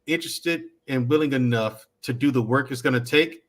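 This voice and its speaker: A man on a discussion panel explaining his view quickly, building point on point. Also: mid-range voice. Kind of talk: casual discussion.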